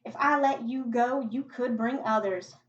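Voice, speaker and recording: A woman's voice: a little high, measured pace, close to an everyday voice. A woman reading aloud, voicing a distrustful rural woman with a shotgun, curt and accusing, in a put-on drawl. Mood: cold. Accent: put-on regional drawl. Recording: echoey, distant, muffled home recording.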